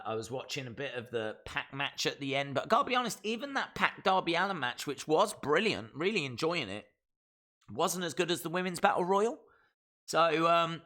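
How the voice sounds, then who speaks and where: A man's voice: on the high side, pushed and bright. A man with a Black Country accent from the West Midlands, hosting a wrestling live stream in casual, opinionated chat, reading out viewer comments. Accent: Black Country English. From West Midlands, England. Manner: chatty and opinionated, with frequent fillers.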